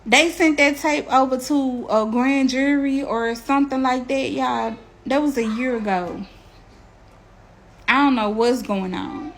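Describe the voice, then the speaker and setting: A mother speaks straight to her viewers about her own family, sounding impassioned and defensive as she tells her story in an emotional direct-to-camera talk. Her voice is high and a little slow, with slight background noise.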